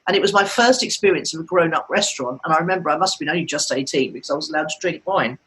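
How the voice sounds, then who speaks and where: A woman's voice: low-pitched, rapid-fire, fairly bright tone, poor audio. A woman in her fifties co-hosting a podcast, telling long chatty stories and laughing often. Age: 50s. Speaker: podcast co-host. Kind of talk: casual chat.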